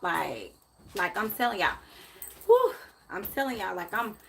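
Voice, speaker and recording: A woman's voice: mid-range voice, sing-song, a little slow, vocal fry, slight background noise. A woman, hosting a casual live tarot stream and talking emotionally to her viewers in a repetitive way. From Memphis, USA. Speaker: tarot reader and host.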